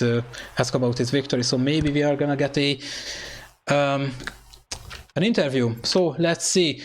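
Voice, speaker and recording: A man commentating an online sim racing event, excitable and hesitant, with phrasing and lots of fillers. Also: medium pitch. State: out of breath. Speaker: race commentator.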